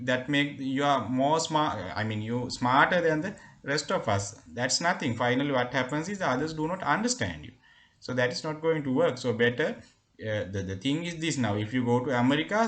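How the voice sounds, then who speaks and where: A man's voice: mid-range voice, a bit bright. A man with a Sri Lankan accent teaching a spoken English lesson, explaining patiently with frequent "uh" fillers. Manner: explanatory, many hesitation fillers.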